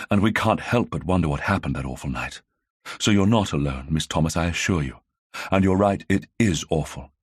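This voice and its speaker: A man's voice: low voice, breathy edge, dry recording, studio quality. A man reading an audiobook, voicing a polite young vicar's daughter who speaks delicately and encouragingly. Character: tactful young vicar's daughter, genteel sleuth.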